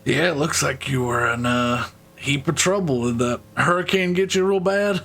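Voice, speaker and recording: A man voicing a portly, gruff male red dragonborn dockmaster with a folksy, friendly manner. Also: on the high side, normal speed, a bit bright.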